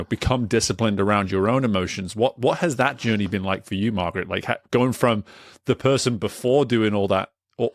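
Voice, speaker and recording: A man hosting a podcast interview, talking in an animated, casual way with many restarts. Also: fairly low pitch, dry recording, clean studio sound. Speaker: podcast host and coach.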